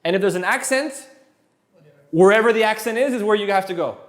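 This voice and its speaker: A man of French mother tongue tutoring Spanish in an energetic lesson, quick and playful, repeating words as he goes. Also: sits high. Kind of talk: energetic one-on-one language lesson.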